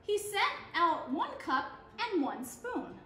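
A woman reading a children's picture book aloud in an expressive, animated storytelling manner. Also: very high-pitched, slow pace, echoey room, a little hiss or hum.

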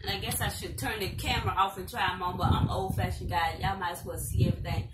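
A woman's voice: on the low side, fairly even intonation, fast. A middle-aged woman chatting casually to viewers in a haul video, repeating herself and calling them y'all. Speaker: vlogger. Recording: echoey room, mic at a distance, loud noise.

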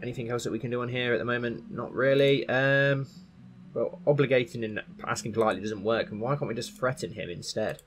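A man's voice: mid-range voice, steady tone, brisk, slight background noise. A man casually commentating on his strategy game and thinking aloud. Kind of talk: casual let's-play commentary.

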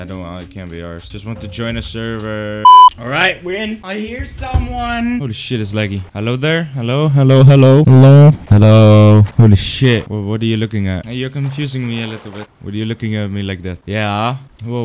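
A young man giving casual game commentary, excitable and swearing, breaking into sudden yells. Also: fairly low pitch, slight background noise. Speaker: gaming YouTuber.

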